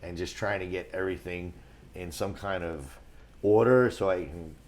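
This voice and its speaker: A man, a guest on a talk show, telling rambling stories with a lot of restarts and getting animated as he goes. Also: deep voice, normal speed, slight background noise. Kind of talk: casual storytelling on a talk show.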